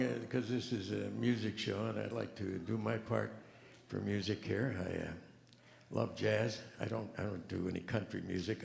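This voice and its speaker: A man doing rambling stand-up comedy with a deadpan delivery, recorded live on stage. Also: lowish voice, gravelly, noisy background. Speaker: comedian and pianist. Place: large event hall on stage. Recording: echoey hall, live stage mic.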